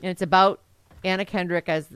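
A woman's voice: fairly low pitch, fairly even intonation, brisk, fairly bright tone, smooth, no echo. Chatty, enthusiastic woman podcast host. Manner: enthusiastic, rambling, laughs often. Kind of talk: casual crude comedic chat.

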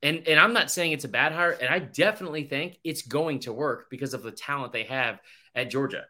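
Brisk, fairly high-pitched and sharp in tone, a young sports podcast co-host chats casually, rambling through his stories, doing the voices of the people he quotes and swearing freely.

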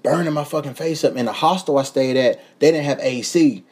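Animated, husky-voiced young man telling stories. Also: mid-range voice, fairly quick. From United States. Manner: animated, profane, laughing often. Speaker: podcast host. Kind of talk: casual storytelling chat.

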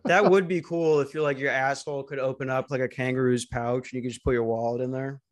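A man hosting a comedy podcast, rambling in crude casual banter with halting restarts and a deadpan delivery. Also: mid-range voice. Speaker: podcast host and stand-up comic.

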